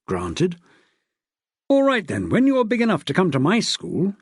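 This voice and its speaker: A man's voice: high-pitched, wildly swooping pitch, unhurried, husky, no room sound, pitched above the performer's own voice, full character voice. A man voicing a witty middle-aged male schoolteacher, a father who talks to his son in a dry, teasing way.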